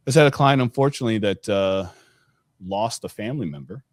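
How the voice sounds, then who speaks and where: Lively, low-voiced man telling stories. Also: quick pace. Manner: lively storyteller who acts out the people he quotes. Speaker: financial advisor. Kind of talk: casual podcast conversation.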